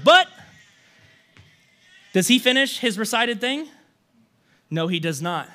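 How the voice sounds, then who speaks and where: A male pastor delivering a conversational sermon. His voice is unusually high for a man, bright and forceful, and he tells the story in an animated way, full of rhetorical questions and a casual "like". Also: slow, long pauses.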